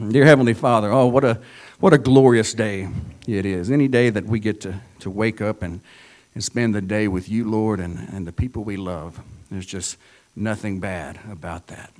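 A man leading a closing prayer in a relaxed, informal way with small restarts. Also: on the low side, normal speed.

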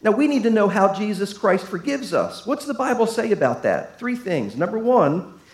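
A man preaching a sermon to a congregation, folksy and emphatic, swinging from loud to hushed. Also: high-pitched, big pitch swings, moderate pace. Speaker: pastor. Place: church sanctuary. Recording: echoey room.

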